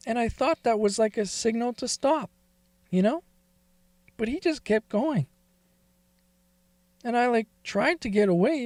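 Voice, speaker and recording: High pitched guy narrating a personal story, shaky confessional tone, dry close mic. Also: animated, normal speed, long pauses, a little mellow, no room sound. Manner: confessional, wavering emotional delivery. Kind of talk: first-person dramatic story reading.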